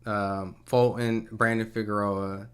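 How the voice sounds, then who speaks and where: A man's voice: on the low side, flat delivery, slow pace, fairly bright tone, clean tone. A man hosting a live commentary stream, talking loosely and casually, with some swearing.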